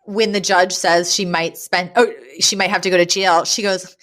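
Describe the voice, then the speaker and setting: A woman co-hosting a podcast, chatting casually about a sitcom episode, enthusiastic and quick to laugh. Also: fairly low pitch. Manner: laughs often, animated and enthusiastic. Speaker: podcast co-host.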